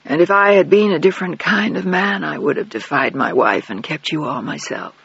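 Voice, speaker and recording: A mournful old father, his words halting and apologetic, read by a man in his own husky voice. The sound is dull and lo-fi, with no room echo. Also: a little high, lively intonation, a bit bright, heavily acted. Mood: sorrowful. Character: older man, a remorseful ailing father. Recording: dull lo-fi dry recording.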